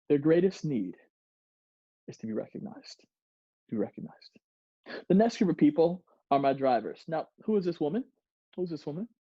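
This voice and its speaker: A playful workshop presenter talks to a group, acts out examples and laughs between points. The voice is dark and mellow. The sound is dry and dull, like a lo-fi recording. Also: medium pitch, dry recording.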